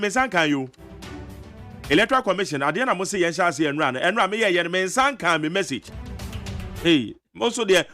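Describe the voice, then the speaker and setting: A man with a Ghanaian accent hosting a morning radio show, chatty and animated as he reviews the news and reads listener messages. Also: sits high, faint music behind. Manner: chatty, animated, frequent laughs and quick asides. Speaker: radio host. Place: radio studio. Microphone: studio microphone.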